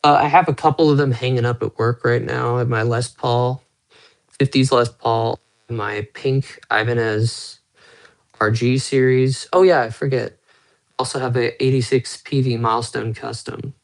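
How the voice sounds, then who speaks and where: Chatty young man with a gravelly voice. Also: medium pitch, fairly even intonation, normal speed. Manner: rambling, chatty, talks to viewers while showing his guitars and watches. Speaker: live streamer. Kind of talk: casual live-stream chat. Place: small room at home. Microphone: phone held close.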